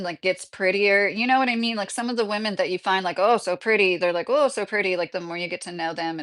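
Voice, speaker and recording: A woman's voice: lowish voice, a bit bright. A woman in her thirties talks casually on her own livestream. She reads viewer comments aloud, rambles, and laughs often as she goes. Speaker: YouTube livestream host.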